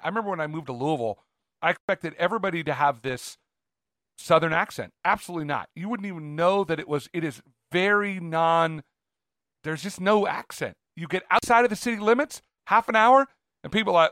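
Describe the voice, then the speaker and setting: Brief: male podcast co-host, a touch high-pitched, excitable and rambling, dry close mic. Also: fairly quick, no echo. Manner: enthusiastic, rambling with restarts. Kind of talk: casual podcast chat.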